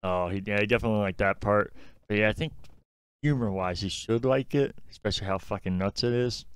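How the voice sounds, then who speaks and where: A man co-hosting a gaming podcast in casual chat, relaxed and thinking out loud. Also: fairly low pitch, brisk, clear, resonant tone, dry recording. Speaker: podcast co-host.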